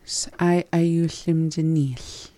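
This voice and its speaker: Very slow, soft co-host repeating words. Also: mid-range voice, fairly even intonation, dry recording. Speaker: co-host and learner.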